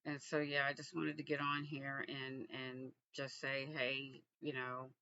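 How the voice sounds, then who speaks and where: A man from Texas, vlogging in a reflective, halting way with frequent restarts. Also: mid-range voice, completely flat delivery, pushed and bright, dry recording, muffled recording. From Texas, USA. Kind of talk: casual personal vlog.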